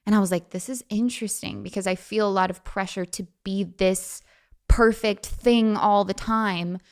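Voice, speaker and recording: A woman's voice: medium pitch, fairly even intonation, clear, resonant tone. Chatty young woman telling stories. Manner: chatty, frequent fillers, quick laughs, acts out quoted voices. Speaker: podcast guest. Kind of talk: casual storytelling.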